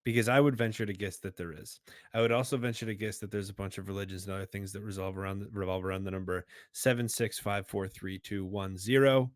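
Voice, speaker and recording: A man's voice: lowish voice, steady tone, fast, no room sound, studio quality. A man co-hosting a casual podcast, talking loosely with lots of "like" and "you know" and laughing along. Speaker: podcast co-host. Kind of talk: casual chat.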